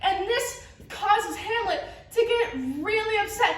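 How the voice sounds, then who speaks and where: A woman's voice: very high-pitched, unhurried, a bit bright. A woman giving a casual, rambling class presentation, full of fillers and giggles, recorded in a classroom. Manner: rambling, filler-heavy, giggly, breaks into silly voices. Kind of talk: casual, rambling plot summary. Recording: roomy, from a distance.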